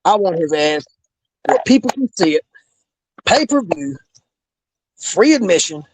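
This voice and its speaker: A man's voice: sits high, big pitch swings, unhurried, no echo. A man, a former pro wrestler, delivering a heated, profane, menacing promo-style rant as a podcast guest. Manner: menacing, profane, repeats "bro".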